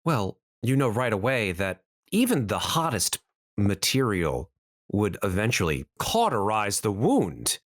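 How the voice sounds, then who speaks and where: A man narrates a tabletop game as dungeon master in a measured, descriptive way. His voice sits very low and he takes his time, recorded close and dry. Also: sing-song, no echo.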